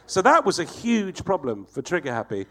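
A man's voice: a little high, big pitch swings, normal speed, bright, forceful tone. A man telling a swearing, laughing anecdote as a guest. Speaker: guest comedian. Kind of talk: storytelling anecdote.

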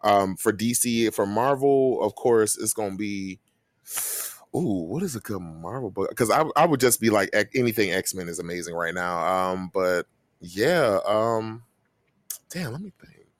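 A man's voice: fairly low pitch, unhurried, no room sound. Rambling male podcast co-host, dry sound. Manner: relaxed, rambling, many fillers and restarts. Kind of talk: casual podcast chat.

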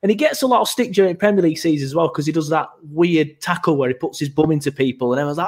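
A man talking football in a relaxed, hesitant way on a casual podcast. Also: on the high side, fast, few pauses. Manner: laid-back, hesitant, many fillers. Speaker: podcast co-host.

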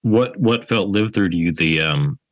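A man hosting a book podcast, talking casually with many fillers and restarts. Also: deep voice. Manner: relaxed, halting with fillers. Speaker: podcast host.

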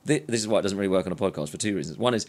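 A man's voice: deep voice, racing. A man co-hosting a podcast, telling a rambling story in casual chat with many restarts. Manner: anecdotal, rambling with restarts, mimes gestures. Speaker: podcast co-host.

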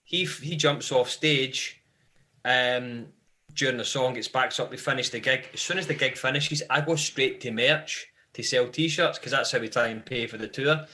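A man's voice: mid-range voice, moderate pace, pushed and bright. A Scottish man, a guest in a live podcast interview, telling long rambling anecdotes about life on the road. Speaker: band member guest.

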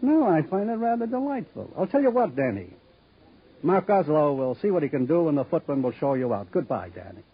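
An actor playing a smooth, menacing gambling boss who mocks a detective, in 1950s radio drama acting. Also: male voice, fairly high pitch, big pitch swings, brisk. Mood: mocking. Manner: silky, mocking, theatrical. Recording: dull old radio recording.

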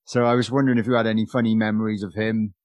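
A man hosting a casual chat, easygoing and quick to laugh along. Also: fairly low pitch, flat delivery, no echo. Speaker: podcast host, musician.

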